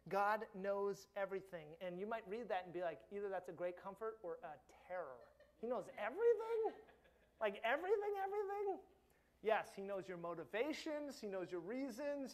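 Man preaching an earnest sermon. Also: high voice. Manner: earnest, emphatic preaching that drops soft for key points. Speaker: pastor.

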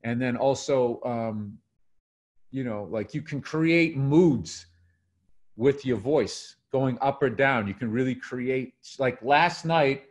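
A middle-aged man co-hosting a loose podcast chat. He tells stories with a lot of swearing, drops into little voices for quoted lines, and keeps a steady, middling pitch. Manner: animated storytelling, swearing, acts out quotes. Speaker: podcast co-host, comedian.

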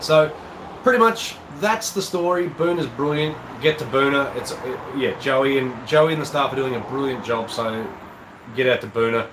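A man's voice: medium pitch, reverberant, noisy background. An Australian man hosting a golf live-stream, chatting casually and reading out viewer comments, his voice a little nasal from a cold. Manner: casual, chatty, rambling with fillers. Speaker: golf channel host.

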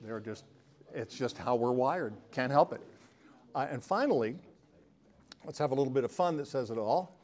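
A man's voice: mid-range voice, lively intonation, moderate pace, long pauses, darkish tone. An older man giving a casual presentation to a live audience, chatty and joking, bantering with the crowd. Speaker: talk presenter.

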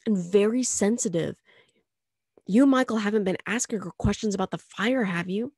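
A woman voicing a gentle bearded father who soothes and questions calmly. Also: mid-range voice, normal speed, husky, dry recording, clean studio sound. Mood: soothing. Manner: soothing, murmuring. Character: gentle bearded stepfather, calm and protective.

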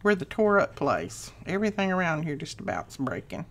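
A chatty middle-aged woman with a lowish voice talks through her craft project in a relaxed, homey way. She rambles between stories and steps, with a faint hum of room ambience behind her. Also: moderate pace. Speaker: crafting channel host. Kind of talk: casual crafting chat.

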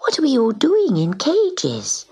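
A woman's voice: sits high, wildly swooping pitch, slow pace, warm tone, slightly rough, voice pushed up, heavily acted. A woman voicing a curious young male witch's kitten who asks polite, wondering questions.

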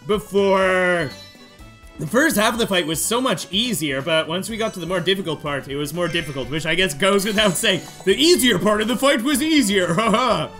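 A high-voiced man narrates his game as he plays, excitable and chatty. He taunts and pleads with the boss on screen, and game music plays clearly behind him. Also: moderate pace. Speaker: gaming YouTuber. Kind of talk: let's play commentary.

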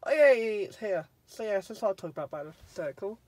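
A man's voice: high-pitched, animated, quick pace, darkish tone, no room sound, low-quality recording. A man reviewing a car from inside it, talking in a chatty, rambling way and often cutting himself off mid-sentence. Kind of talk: casual car review vlog.

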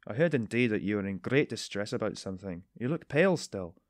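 A man reading an audiobook, voicing a middle-aged male detective who speaks calmly and coldly. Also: fairly low pitch, no room sound, clean studio sound, close to an everyday voice. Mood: cool. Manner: calm, cold, measured.

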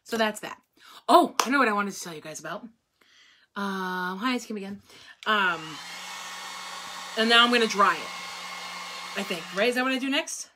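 A woman's voice: mid-range voice, animated, moderate pace, pauses often. A woman chatting casually while she crafts, rambling from one topic to another and laughing often. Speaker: craft vlogger. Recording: loud hair dryer noise.

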